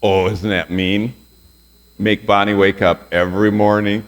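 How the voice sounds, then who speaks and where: With a fairly low pitch that moves little and a measured pace, a man in his sixties leads a Bible lesson for college students as their pastor. He tells stories and puts questions to the class.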